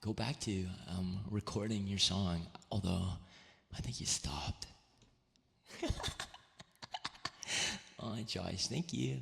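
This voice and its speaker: A man streaming as a VTuber, chatting softly and greeting his chat by name, with a giggly manner. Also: sits low, takes it slowly, gravelly, pauses often, big-room sound. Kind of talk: soft-spoken stream chat.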